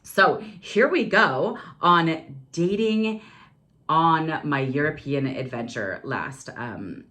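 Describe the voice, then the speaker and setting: A woman's voice: sits low, expressive, slow pace, fairly bright tone. A woman in her forties hosting her own podcast from her home office, chatting candidly and breaking into dramatic exclamations. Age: 40s. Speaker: podcast host. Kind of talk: casual solo podcast chat.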